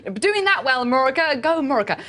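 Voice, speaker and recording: A woman's voice: high voice, very animated, fast talker, a bit bright. Wry British woman, dry teasing humor. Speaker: resident expert guest on a talk show. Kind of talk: playful studio chat. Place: TV studio set.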